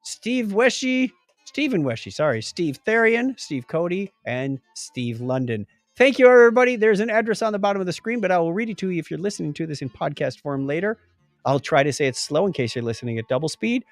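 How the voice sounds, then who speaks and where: A podcast host with a high voice jokes around casually, animated and quick as he rattles off lists of names. Faint music plays behind him, with no room sound.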